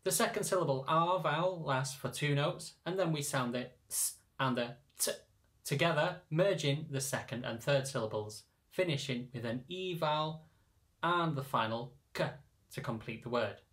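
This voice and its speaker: A man who teaches choir singers, calmly explaining step by step how to read lyrics in sheet music. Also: on the high side, moderate pace. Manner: patient, methodical explaining. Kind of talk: instructional narration.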